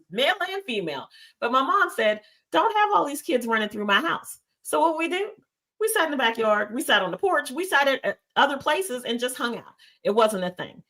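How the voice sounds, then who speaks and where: A woman panelist giving her opinion in a measured, storytelling way. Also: fairly high pitch, bright, forceful tone. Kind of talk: casual panel talk.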